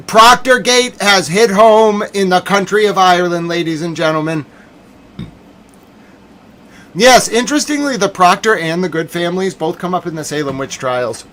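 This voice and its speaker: Male streamer, high voice, hammy mock-outrage rant, loud then muttered. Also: normal speed, few pauses. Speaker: livestream commentator.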